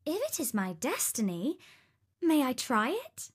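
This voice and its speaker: A woman voicing a curious, headstrong teenage princess in a storybook reading, with an eager, excited manner. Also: unhurried, breathy edge, full character voice. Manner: bright, eager, high and excited.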